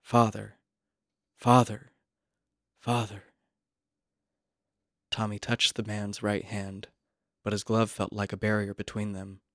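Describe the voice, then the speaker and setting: Low, dry-voiced male story reader. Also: no echo. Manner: measured, quiet, even storytelling. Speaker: narrator. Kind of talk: scripted literary narration.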